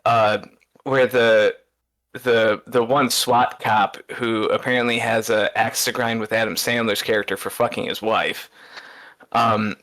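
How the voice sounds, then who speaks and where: A man in casual podcast chat, telling stories in an excitable, rambling way, stumbling over his words and laughing often. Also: fairly low pitch, unhurried. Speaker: podcast co-host.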